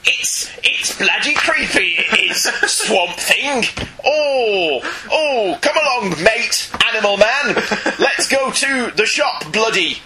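A man voicing a chirpy male magician in an overdone Cockney accent, drawn-out and giggly. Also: high-pitched, animated, crowd noise, pitched above the performer's own voice, low-quality recording. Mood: mocking. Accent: exaggerated put-on Cockney. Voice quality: sing-song, drawn-out and giggly.

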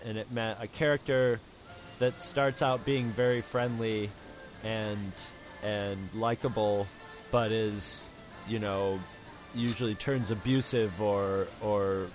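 Halting man on a podcast. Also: on the low side. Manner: halting, searching for words. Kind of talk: casual chat.

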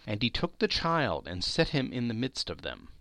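A man giving a dramatic reading of a classic novel, telling the story with lively expression. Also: mid-range voice, normal speed, creaky, no echo. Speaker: reader.

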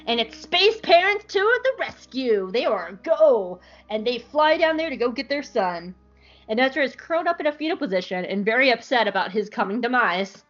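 A woman's voice: on the high side, brisk, muffled recording, soft background music. A woman podcast host recapping an episode in casual, joking chat. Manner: animated, joking, irreverent.

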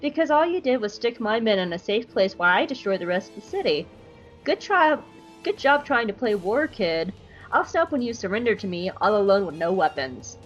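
A woman voicing a calm, condescending male alien admiral. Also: medium pitch, brisk, dull audio, faint music behind, natural voice.

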